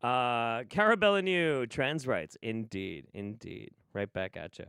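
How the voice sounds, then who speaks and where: A man's voice: mid-range voice, animated, a little slow, gravelly, a bit bright, smooth, no room sound, clean studio sound. A man doing casual livestream commentary on clips, sarcastic and profane. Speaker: streamer reacting to clips. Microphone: studio mic.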